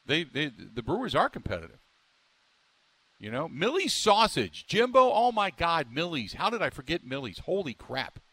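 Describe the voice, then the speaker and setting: A man's voice: fairly high pitch, huge pitch swings, moderate pace, pushed and bright, slightly rough, no room sound. A man hosting a sports talk radio show, rambling and emphatic, stumbling through restarts as he riffs on the local team.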